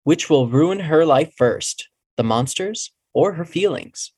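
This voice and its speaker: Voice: medium pitch, lively intonation, slow, darkish tone, slightly rough. A reader giving a book's back-cover blurb with a dramatic, enticing delivery. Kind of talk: scripted book blurb reading.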